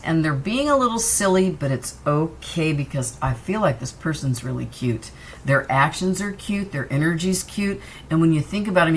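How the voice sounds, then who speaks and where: A woman's voice: fairly low pitch, fairly bright tone, a little hiss or hum. A woman doing a casual tarot reading, chatty and reassuring as she talks straight to the viewer. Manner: loose and wandering, jumps between cards. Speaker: tarot reader.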